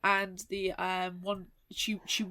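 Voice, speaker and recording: A young British woman co-hosting a casual book podcast, chatty and animated, often slipping into mock voices. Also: medium pitch, slow, a little hiss or hum. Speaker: podcast co-host.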